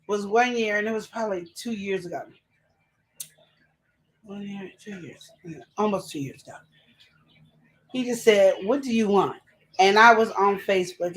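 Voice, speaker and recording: A woman co-hosting a live relationship advice show, chatting casually and fast, full of energy. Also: mid-range voice. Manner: chatty, animated, talks fast and laughs.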